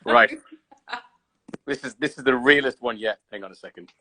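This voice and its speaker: A man's voice: medium pitch, fast talker, sharp tone. A man hosting a casual livestream chat from home on his phone, laid-back and swearing freely. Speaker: host.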